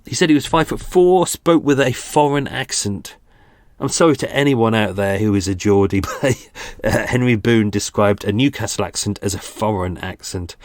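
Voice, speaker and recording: A British man in his forties talks through a true-crime case, chatty and self-deprecating, stopping for asides as he goes. His voice sits at a middle pitch, recorded dry and close with no room sound. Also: dry recording. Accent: British English. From England. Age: 40s. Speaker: podcast host. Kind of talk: casual true-crime podcast narration.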